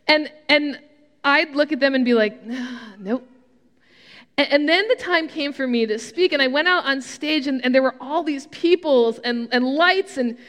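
A woman pastor telling a personal story in a sermon, animated, with frequent restarts. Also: high-pitched, long reverb tail.

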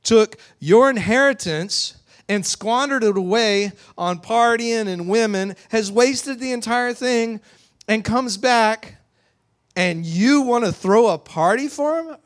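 A man's voice: high voice, slow, voice pushed up. A man voicing an angry older son who is complaining to his father in a heated, raised voice. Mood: indignant. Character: resentful older son, furious and indignant.

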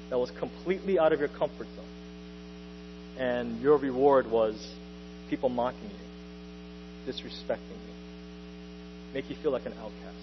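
A young adult man preaching a sermon to his church, casual and lively, with slang and joking asides. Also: mid-range voice. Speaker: pastor. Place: church hall. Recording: dull sound with long reverb and faint hum.

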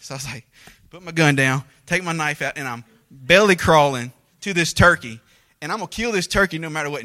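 A man, telling a folksy hunting story as a sermon illustration, shouting out the lively parts. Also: a little high. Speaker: preacher.

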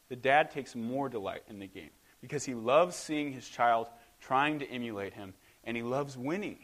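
A man's voice: fairly low pitch, fairly bright tone. A man preaching a conversational sermon as a pastor, speaking as a father and acting out short dialogues within his teaching. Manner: conversational preaching, acts out God's and a child's lines in dialogue.

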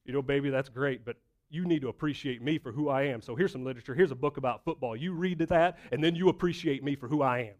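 A man voicing a cocky young male athlete in a sermon illustration, smooth and self-assured. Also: medium pitch, quick pace, darkish tone, lightly acted. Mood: confident.

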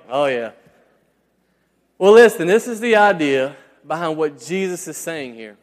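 A man's voice: a little high, lively intonation, a little slow, pauses often. Guy pastor, 30s, rambly casual sermon, lots of ums, big reverby church hall. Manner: chatty, self-deprecating storytelling with many fillers. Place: church hall before a congregation.

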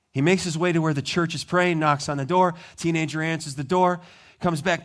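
A man preaching to his church in an animated, storytelling way, slipping into the voices of the people he describes. His voice sits somewhat high, and his delivery moves from hushed to loud. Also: brisk. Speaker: pastor. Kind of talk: sermon.

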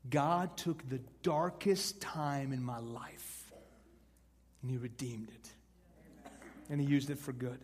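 A man preaching an evangelistic sermon to college students, conversational and shifting from hushed to loud and emphatic. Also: mid-range voice, fairly even intonation, slow, long pauses. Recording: long hall reverb.

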